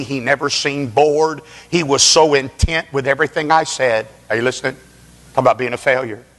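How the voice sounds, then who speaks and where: A man's voice: medium pitch, a bit bright. A male preacher telling a story in an impassioned evangelistic sermon. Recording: long reverb of a large hall.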